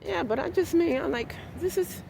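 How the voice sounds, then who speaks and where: A woman with a notably high voice tells a story to her vlog in a blunt, animated way, and her account grows heated. She is recording outdoors in a city. Loud street noise sits clearly behind her. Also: moderate pace. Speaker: vlogger.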